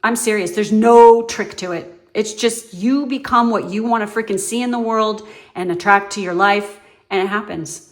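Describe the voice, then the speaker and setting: A woman's voice: mid-range voice, moderate pace. A woman giving her viewers a casual, foul-mouthed pep talk as a tarot reader, blunt and emphatic. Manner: blunt and profane, emphatic, swings between loud and soft.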